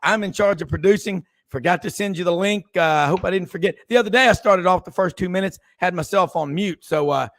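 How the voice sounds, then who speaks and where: High gravelly folksy sports host. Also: male voice, fast talker, hardly any pauses. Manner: folksy and excitable, exclaims often. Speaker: radio sports show host. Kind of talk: casual sports radio chat.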